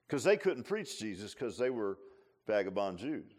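A man's voice: mid-range voice, huge pitch swings, moderate pace. Man preaching a folksy, conversational sermon. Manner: folksy, repeats and restarts phrases, humorous asides. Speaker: pastor.

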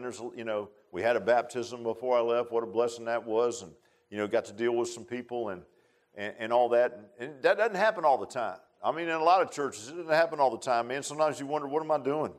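A man's voice: medium pitch, a little fast. A middle-aged man preaching an informal evening sermon in a folksy, rambling way, often repeating himself.

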